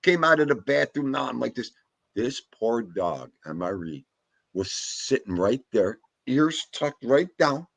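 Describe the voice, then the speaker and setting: A man's voice: medium pitch, measured pace, vocal fry, no room sound. A man hosting a casual chat, telling dog stories in an emphatic, slangy way. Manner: animated, emphatic storytelling with street slang. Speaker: host.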